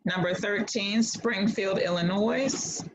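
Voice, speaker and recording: Slow, patient woman tutoring online. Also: medium pitch, background noise. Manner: patient, steady, reads answers slowly. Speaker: homeschool class tutor. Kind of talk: online class, reading out answers. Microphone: video call. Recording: dull video-call audio.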